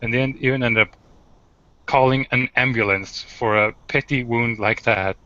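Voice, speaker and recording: A man on an online group discussion, telling a story in a calm, measured way. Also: mid-range voice, no room sound. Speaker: round table panelist. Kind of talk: casual chat. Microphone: video call. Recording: dry, slightly muffled call audio.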